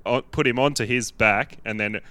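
A man's voice: mid-range voice, normal speed, pushed and bright, no room sound. A young Australian man in his twenties, swearing and laughing as he tells a story in casual podcast chat. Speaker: podcast guest.

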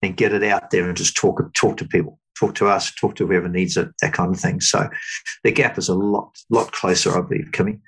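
A middle-aged man talks slowly and thoughtfully in a low, gravelly voice. There is a husky grain to it. He often stops, restarts, and fills gaps with small words. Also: steady tone, a bit bright, poor audio. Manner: halting, thoughtful, many fillers and restarts. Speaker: guest. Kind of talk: reflective interview talk.

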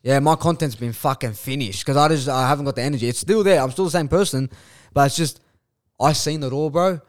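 A young man, a guest influencer, chatting casually on a podcast, swearing freely and telling animated stories. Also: mid-range voice, brisk. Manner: heavy swearing, animated storytelling.

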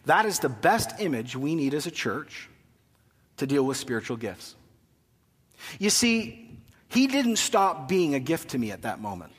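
Guy pastor in his 30s telling a funny family story in his sermon, kinda high voice, echoey church hall. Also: a bit bright, breathy edge. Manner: storytelling with humor and asides. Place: church sanctuary.

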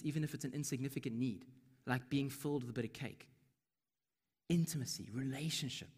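A man preaching a sermon in a conversational way, dropping into soft whispers when he quotes. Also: medium pitch, long reverb tail.

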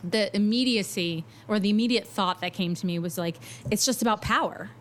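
A woman's voice: medium pitch, a little fast. A woman hosting a casual interview, asking questions and reflecting earnestly on the guest's story. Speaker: podcast host, interviewer.

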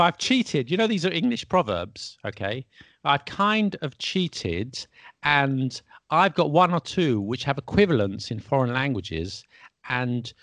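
A man hosting a casual podcast about the English language, an English teacher who asks questions in a playful, lively way. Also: mid-range voice, no room sound. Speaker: podcast host. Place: Paris.

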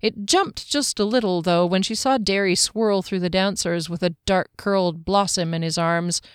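Woman narrator, audiobook, dry close sound, mid pitch. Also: normal speed, dry recording. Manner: steady, clear storytelling. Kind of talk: audiobook fantasy reading.

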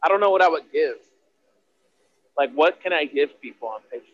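A man's voice: on the high side, animated, a little fast, a bit bright, dull audio. A man co-hosting a casual truck podcast, enthusiastic and easygoing, throwing in bro often. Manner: enthusiastic, says bro a lot. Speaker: podcast co-host. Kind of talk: casual chat.

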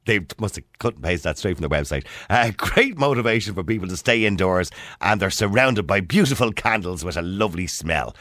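A middle-aged Irish radio host in casual on-air banter, teasing his caller. His voice sits low, and the studio sound is dry and close. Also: animated, brisk, few pauses, fairly bright tone, no room sound. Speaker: radio talk show host. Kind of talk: casual on-air phone chat.

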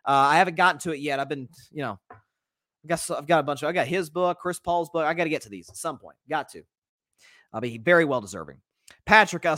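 A man with a drawl runs a solo sports talk show, rambling and animated, stumbling over restarts as he reacts to games. His voice sits a little higher than most men's. The sound is close and dry, with no room to it. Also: quick pace, no echo. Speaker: sports podcast host. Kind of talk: casual solo sports commentary reading live comments.

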